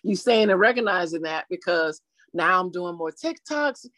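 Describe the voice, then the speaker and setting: A woman being interviewed in a casual chat, telling her story animatedly and acting out quotes in lively voices. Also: lowish voice, moderate pace, dry recording. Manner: chatty, with frequent "you know" fillers. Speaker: interview guest.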